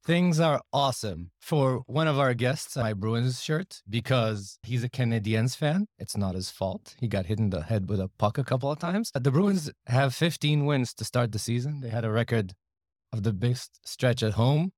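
A man co-hosts a podcast with an easy, playful way of talking and a medium pitch. The recording is close and dry. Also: lively intonation, moderate pace, darkish tone, no room sound. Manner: playful sports banter. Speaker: podcast co-host. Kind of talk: casual podcast conversation.

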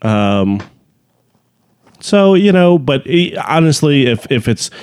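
A man's voice: a little high, sing-song, slow, a little mellow, clean tone, dry recording. A man co-hosting a podcast in casual chat, blunt and laid-back, with lots of "you know" fillers. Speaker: podcast co-host.

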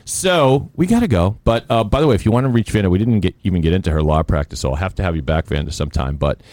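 Deep-voiced man hosting a podcast. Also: fast talker, no echo. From Boston. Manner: jokey, animated storyteller who hams up quoted voices. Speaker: podcast host. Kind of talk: casual podcast chat. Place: podcast studio. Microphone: studio microphone.

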